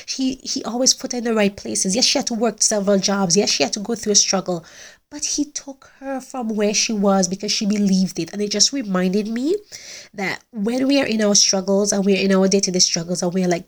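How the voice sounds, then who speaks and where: A woman's voice: medium pitch, fairly quick. Middle-aged woman host, earnest and heartfelt casual podcast delivery. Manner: earnest, heartfelt, many restarts. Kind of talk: casual faith-based podcast talk.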